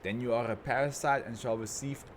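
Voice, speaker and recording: A man's voice: mid-range voice, fairly even intonation, brisk, slight background noise, lightly acted. A man voicing an arrogant male tycoon who is a brain in a jar, speaking in a grandiose, contemptuous way. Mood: haughty.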